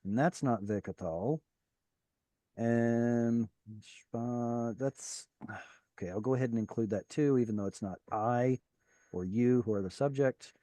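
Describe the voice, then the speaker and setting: Male teacher, patient and encouraging, dry close sound, average pitch. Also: measured pace, dark tone, no echo. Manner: patient, explains and encourages students. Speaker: Hebrew teacher. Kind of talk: online class teaching. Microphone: video call.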